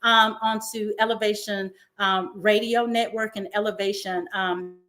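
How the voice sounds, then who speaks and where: A woman's voice: medium pitch, fairly even intonation, measured pace, a bit bright. A woman hosting a show, talking in an emotional, effusive, faith-filled way to encourage her viewers. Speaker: host. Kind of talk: inspirational talk-show monologue.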